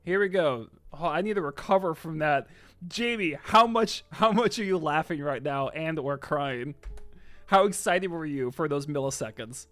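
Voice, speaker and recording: A man chatting casually on a live stream, reading viewer comments and swinging between loud excited outbursts and soft asides. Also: fairly high pitch, moderate pace, no echo, faint music behind.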